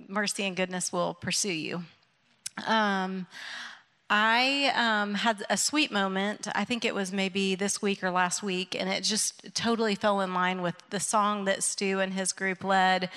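A woman in her thirties sharing a personal faith testimony with a church group, soft-spoken and heartfelt, with frequent pauses and ums. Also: medium pitch, fairly even intonation, clean tone. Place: church gathering hall. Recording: echoey hall with long reverb.

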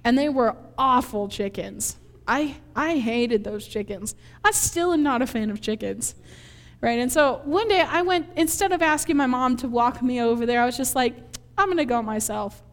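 A woman from Minnesota preaches in a chatty, animated way, laughing as she acts out scenes from her childhood. Her voice sits high. Long reverb from a large hall hangs behind her. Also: normal speed. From Minnesota, USA. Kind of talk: conversational sermon with personal story.

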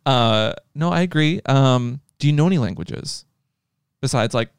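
A young adult man co-hosting a podcast in casual, joking banter, jumping his pitch up for emphasis. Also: smooth, no room sound, studio quality. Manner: animated, joking, quick shifts in pitch. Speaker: podcast co-host.

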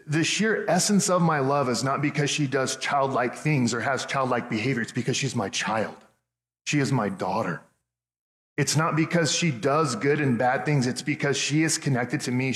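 A man's voice: mid-range voice, normal speed, a bit bright. A man in his thirties preaching a sermon as pastor, earnest and conversational, often restarting his phrases. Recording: echoey hall with long reverb.

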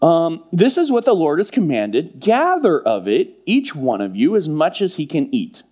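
A man preaching a sermon, reading scripture and retelling it in a lively, casual storytelling way with humorous asides. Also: a little high, normal speed. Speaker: pastor.

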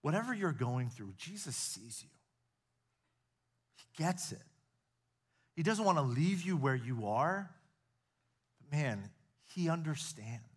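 A middle-aged preacher from the United States delivering a sermon in a church before a live audience. His voice sits a little high for a man and swings from emphatic declarations to hushed, confiding stories. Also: lively intonation, takes it slowly, long pauses, husky. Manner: earnest preacher, rising to emphatic peaks, dropping to soft confiding storytelling. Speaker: pastor.

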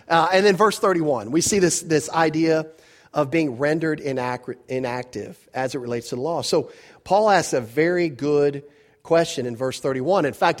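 Male pastor, a little higher-pitched than most men, conversational sermon delivery full of rhetorical questions and self-corrections. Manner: grows animated when telling a personal story. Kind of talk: verse-by-verse sermon.

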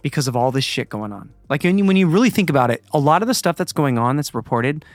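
A man's voice: fairly high pitch, expressive, quick pace, no room sound, soft background music. A man in casual podcast chat who teases, swears freely and riffs on topics. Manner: blunt, profane, riffing and teasing.

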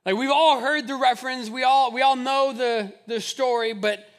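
A man's voice: very high-pitched, fairly even intonation, moderate pace, a bit bright, long reverb tail. A man preaching a sermon, who speaks in a conversational, humorous way and builds to fervent repetition. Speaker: pastor.

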